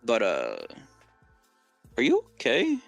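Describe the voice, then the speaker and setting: A man's voice: mid-range voice, huge pitch swings, slow, creaky, faint music behind. Man with a Southern drawl, rambling. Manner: rambling, many fillers and restarts. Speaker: co-host. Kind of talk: casual gaming lore chat.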